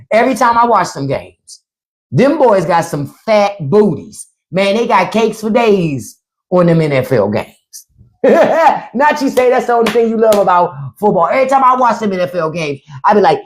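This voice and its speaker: A woman hosting a live stream in casual comedic chat, loud and playful, swearing and swinging her voice from high to low. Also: sing-song, normal speed. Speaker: podcast host on a live stream. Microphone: phone or desk mic on a live stream.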